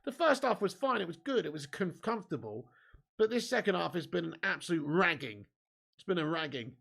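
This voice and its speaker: A young man with a high, bright voice and a heavy gravelly fry hosts a live football watch-along. He swaps commentary on the match with banter to his viewers, swearing freely and laughing often. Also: a little fast. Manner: gets excited at chances and goals.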